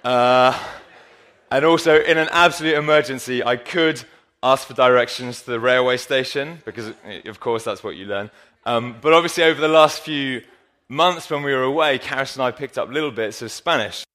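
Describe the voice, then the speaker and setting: A man's voice: medium pitch, normal speed, a bit bright. A man preaching a sermon in church on a handheld mic, joking and talking straight to the congregation. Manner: playful, jokey, addresses the congregation directly. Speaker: pastor. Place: church hall.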